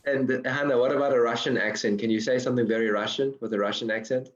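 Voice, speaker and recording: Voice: medium pitch, steady tone, fast. Host asking short questions, dull recording. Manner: brief questions and short backchannel replies. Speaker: interviewer, host. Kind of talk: casual interview.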